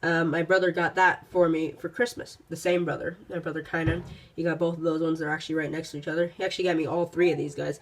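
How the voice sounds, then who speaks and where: A young YouTube host who says they are sick and congested, giving a casual channel update vlog in a rambling, halting way full of ums and restarts. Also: mid-range voice, flat delivery, a little hiss or hum.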